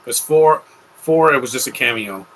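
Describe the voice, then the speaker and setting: A man's voice: medium pitch, moderate pace, fairly bright tone, a little hiss or hum, poor audio. A young man hosting a live movie commentary, talking in an offhand, rambling way with opinionated asides.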